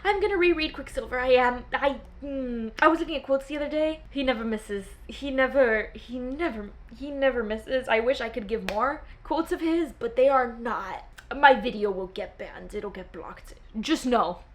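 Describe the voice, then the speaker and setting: Gushing young woman, bright voice. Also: fairly high pitch, moderate pace, hardly any pauses, a little hiss or hum. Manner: gushing, dramatic, swoony. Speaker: book vlogger. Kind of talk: casual chat to camera.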